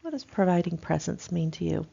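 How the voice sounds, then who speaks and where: A middle-aged woman nursing instructor lectures in a conversational, emphatic way. Her voice is low and gravelly, and the recording sounds dull and lo-fi. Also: expressive, a little fast, dark tone. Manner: conversational, emphatic, frequent fillers.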